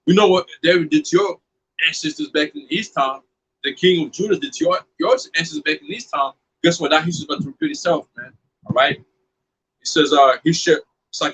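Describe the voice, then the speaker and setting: A man with a high, husky voice talks like a street preacher, blunt and profane. He mixes scripture with fired-up storytelling in a loose, casual way. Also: a bit bright, low-quality recording.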